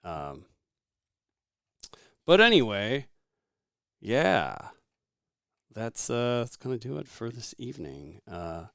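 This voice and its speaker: A man hosting a casual podcast, rambling and relaxed with lots of fillers. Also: medium pitch, slow pace, vocal fry, pauses often, no echo, studio quality. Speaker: podcast host.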